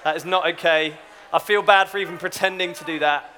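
A man's voice: fairly high pitch, steady tone, brisk, sharp tone, slight background noise. A young man giving a chatty, self-deprecating youth talk with a story. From Britain. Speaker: youth speaker.

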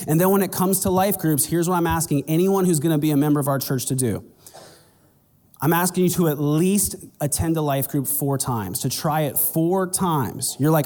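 A pastor delivers a sermon in a casual, chatty style, his voice slightly high with a darkish tone. A long reverb suggests a large church hall, and when he acts out conversations with churchgoers, his pitch jumps up.

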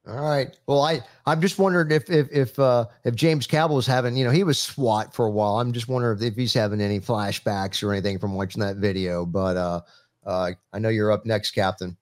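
A man's voice: fairly low pitch, fairly even intonation, no echo, clean studio sound. A man hosting a panel chat, who reads out news stories with many fillers and restarts. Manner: halting, lots of fillers. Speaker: podcast host.

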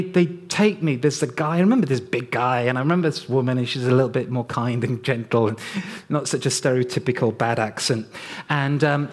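A middle-aged man with a light, high voice, giving a storytelling sermon and acting out the people in it. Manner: animated storyteller, acts out voices. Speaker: preacher.

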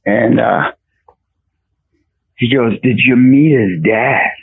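A man guest on a radio show, giving a fervent faith testimony with raspy storytelling and bursts of shouting. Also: mid-range voice, slow pace, narrow, tinny audio.

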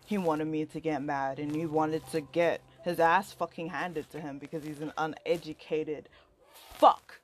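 Heated and profane, a young woman vents to a friend in a rambling personal rant full of filler words, getting louder as she works herself up. She has a low-pitched, steady voice and a measured pace, and a slight hiss or hum runs through the recording.

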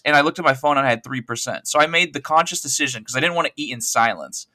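A man's voice: fairly high pitch, fast talker, few pauses, sharp tone, no echo. A man chatting as a guest on a gaming podcast, rambling and joking in a self-deprecating way. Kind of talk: casual podcast chat.

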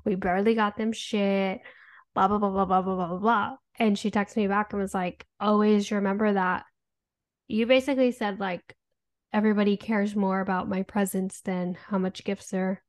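A woman's voice: medium pitch, flat delivery, moderate pace. Mom in her thirties co-hosting a podcast; candid, rambling, swears freely. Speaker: podcast co-host. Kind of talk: casual chat.

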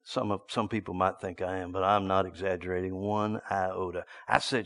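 A man preaching a sermon, telling a story and swinging from hushed asides to loud bursts. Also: low-pitched, fairly even intonation, brisk, few pauses, in a large hall.

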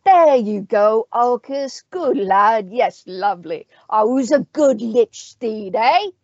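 A bluff, gruff undead knight in a steel mask, hearty and used to giving orders, as a woman reader puts him on. He speaks in a raised, storybook voice. The sound is dull and dry. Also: high-pitched, expressive, normal speed, dry recording, pitched above the performer's own voice. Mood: crooning.

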